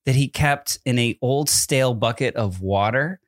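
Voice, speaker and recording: A man in his thirties with a mid-range voice, chatting easily on a podcast in a dry, close room. He hesitates and restarts a lot and talks in a relaxed, conversational way. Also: mid-range voice, normal speed, dry recording. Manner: easygoing, hesitant, lots of fillers and restarts. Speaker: podcast co-host, parent. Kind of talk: casual chat.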